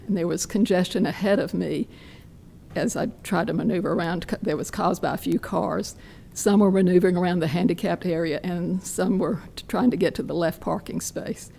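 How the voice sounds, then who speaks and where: A hoarse woman giving a detailed, measured public comment at a podium mic in a county meeting room. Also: on the low side, a little mellow.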